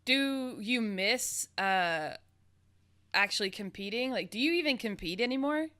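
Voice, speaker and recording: A woman's voice: a little high, expressive, unhurried, sharp tone. A woman from the American South hosting a casual interview, bubbly and giggly. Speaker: podcast host, interviewer.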